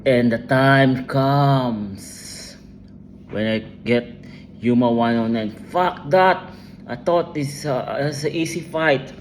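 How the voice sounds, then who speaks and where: A man's voice: mid-range voice, takes it slowly, a little hiss or hum. A man delivering an intense, rambling personal monologue, emotional and full of profanity.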